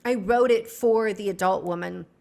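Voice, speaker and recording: A woman's voice: mid-range voice, creaky, darkish tone. Chatty woman guest on a podcast. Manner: chatty storyteller, quick asides and laughs. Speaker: guest doctor and author. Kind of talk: casual podcast conversation.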